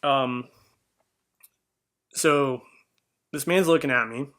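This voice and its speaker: A man's voice: mid-range voice, takes it slowly, a bit bright. A man hosting a podcast, telling an earnest personal story in a casual monologue, with many fillers. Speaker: podcast host.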